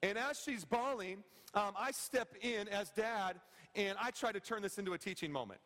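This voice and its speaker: A male pastor in his thirties with a fairly high voice, preaching in a casual, joking way and often asking the congregation "right?". His voice carries a long reverb from the church hall. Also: moderate pace, fairly bright tone. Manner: conversational, joking, frequent "okay?" and "right?" asides to the congregation. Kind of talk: sermon. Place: church sanctuary.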